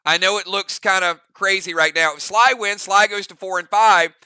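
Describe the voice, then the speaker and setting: A man hosting his gaming channel in casual chat, excited and quick to laugh, with lots of fillers and restarts. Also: sits high, clear, resonant tone, no echo.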